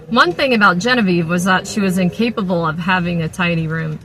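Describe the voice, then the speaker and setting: A woman reads a novel aloud in a plain, mid-range voice. She keeps a steady read-aloud pace and restarts a word now and then. A faint hiss of background noise sits under the recording. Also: medium pitch, rough recording. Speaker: audiobook reader.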